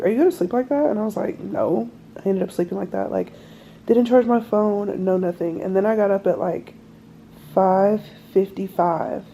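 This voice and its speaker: Rambling young woman vlogger, mellow voice. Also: mid-range voice, gravelly, slight background noise. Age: 20s. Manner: rambling, animated storytelling with many fillers. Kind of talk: casual chat.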